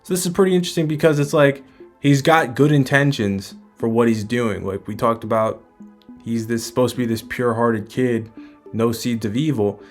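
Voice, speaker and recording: A man's voice: mid-range voice, steady tone, moderate pace, soft background music. A man casually breaking down a manga chapter, musing aloud in a conversational way. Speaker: manga commentator.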